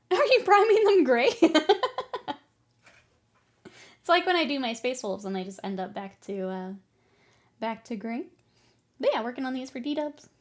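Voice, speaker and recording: A woman's voice: on the high side, expressive, moderate pace. Chatty woman streamer laughing with chat. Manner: chatty, laughs often, reads and answers chat while painting. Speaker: miniature painting streamer. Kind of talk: casual live-stream chat.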